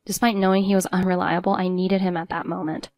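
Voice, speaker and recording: A woman's voice: fairly low pitch, level tone, quick pace, a little mellow, dry recording. A woman narrating a first-person story in an earnest, emotional way.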